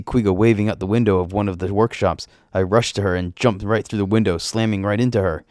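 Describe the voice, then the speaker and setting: Guy narrating his own story, deep voice, dry close sound. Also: fairly even intonation, fast, few pauses, darkish tone, no room sound. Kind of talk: first-person story narration.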